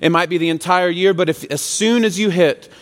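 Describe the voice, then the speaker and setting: A man's voice: sits high, fairly quick, in a large hall. A man serving as student pastor, preaching a sermon in a casual, joking, conversational way. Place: church sanctuary.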